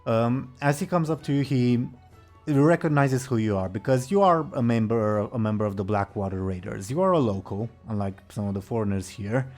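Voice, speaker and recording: A man's voice: medium pitch, moderate pace, darkish tone, faint music behind. A man narrating a tabletop game as game master, casual and laughing often.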